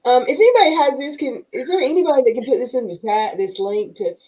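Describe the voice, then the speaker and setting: A woman's voice: sits high, lively intonation, fast, dark tone, rough recording. A woman hosting a casual livestream from home, rambling and laughing often. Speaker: livestream host. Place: home room with wall TV monitors.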